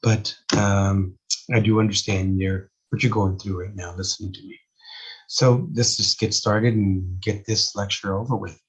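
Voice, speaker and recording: A man's voice: on the low side, level tone, unhurried, lo-fi sound. A man with a mixed Texan and Spanish accent, lecturing on camera in a casual, rambling way with many fillers while losing his voice. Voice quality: husky. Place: indoors, solo on camera. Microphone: camera mic.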